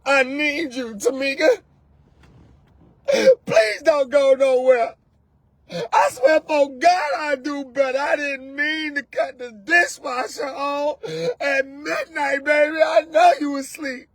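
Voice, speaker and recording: Man doing a sobbing, whiny lover bit, pitched up and begging, broadcast-comedy parody. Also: slow, no room sound, full character voice. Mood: sobbing pleading. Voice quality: whiny, wailing. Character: heartbroken grown man sobbing and begging his woman.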